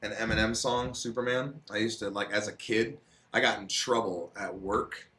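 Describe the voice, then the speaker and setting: This young stream co-host has a fairly low voice with a steady, bright, forceful tone, speaking at normal speed over a slight hiss or hum. Loose and profane, he tells stories through frequent laughter in relaxed chat.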